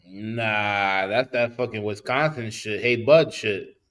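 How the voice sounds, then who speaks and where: Lowish-voiced man in blunt, profane banter. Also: takes it slowly, a bit bright. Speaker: podcast co-host. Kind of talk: casual chat, storytelling. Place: podcast studio.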